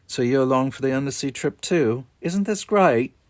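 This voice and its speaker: A man voicing a cheerful young woman debater with a put-on Australian accent, high and breezy. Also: expressive, moderate pace, darkish tone, dry recording, lightly acted.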